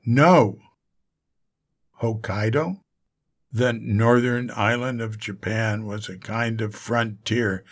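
A man narrating an audiobook in a measured, even reading style. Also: lowish voice. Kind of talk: scripted narration.

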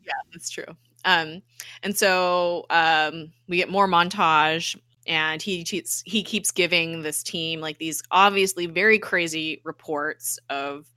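Bright-voiced woman recapping a show. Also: on the low side, slow, clean tone, dry recording, studio quality. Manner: animated storytelling with many fillers. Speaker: podcast co-host. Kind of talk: casual TV recap chat.

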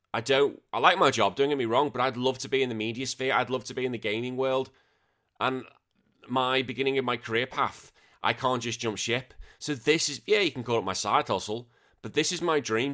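A young British man hosts his own podcast and answers listener questions in a loose, rambling way. He drops casual swear words, laughs at himself, and speaks at a middle pitch. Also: bright, forceful tone. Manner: rambling, swears often, self-deprecating. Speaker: podcast host.

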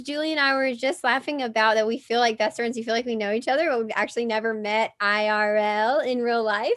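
Enthusiastic woman podcast host, higher voice. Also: fairly even intonation, a little fast, few pauses, fairly bright tone. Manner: enthusiastic, effusive. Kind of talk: podcast interview.

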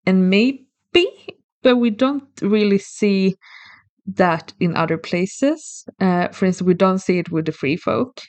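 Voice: mid-range voice, slow pace, a little mellow, no room sound. A co-host talks through a subject on a podcast, thoughtful and methodical, often restarting a phrase. The voice sits in a middle register. The recording is dry with no room sound. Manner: thoughtful, explains step by step with restarts. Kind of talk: casual explanatory podcast chat.

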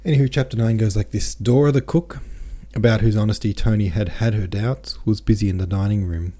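A man hosting a podcast, reading a novel aloud with relaxed, chatty asides. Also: fairly low pitch, a little fast. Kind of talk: casual commentary and audiobook reading.

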